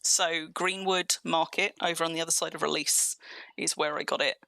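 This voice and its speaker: A woman's voice: low voice, steady tone, normal speed, vocal fry, sharp tone, no room sound. A young adult woman streaming a game, rambling cheerfully through a tour and answering her viewers' chat as she goes.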